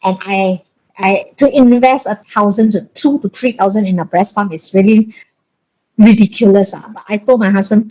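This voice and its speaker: A woman's voice: on the high side, fairly quick, warm tone, low-quality recording. A woman in her forties with a Malaysian English accent, telling a personal story in colloquial, emphatic speech and acting out the voices of the people she quotes. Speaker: breastfeeding consultant.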